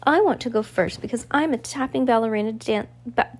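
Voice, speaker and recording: A woman's voice: a little fast, close to an everyday voice. A woman doing a whiny spoiled little girl. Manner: whining, high and demanding.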